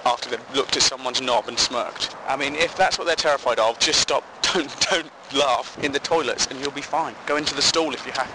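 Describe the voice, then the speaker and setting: A man's voice: mid-range voice, noisy background. A man hosting a comedy podcast, rambling through jokes and odd news stories with frequent chuckles. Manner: chatty, self-amused, rambling with frequent chuckles. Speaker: podcast host. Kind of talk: comic news commentary.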